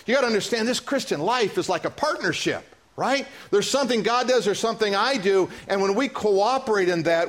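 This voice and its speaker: A high-pitched male pastor preaching in a church, his delivery animated and playful. He acts out little dialogues and drops into quieter, earnest stretches. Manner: animated preaching, acting out voices, joking with the congregation. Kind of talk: sermon.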